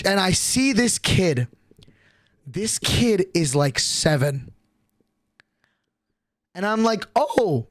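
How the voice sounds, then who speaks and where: A young man streaming, telling a long story in an excitable, profane way and acting out the other people's lines. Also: high voice, no room sound. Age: young adult.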